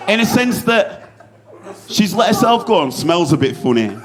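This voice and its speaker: A young man with a Yorkshire accent performing a stand-up comedy set on a club stage, animated and swearing, with shouted bursts. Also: sits high, normal speed, a loud crowd. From Bradford, Yorkshire, England.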